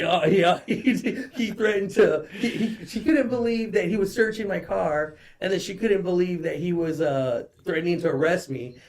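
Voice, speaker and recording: A man's voice: on the high side, slight background noise. A man in his forties, a guest telling a long story in casual chat, rambling with constant swearing and "dude".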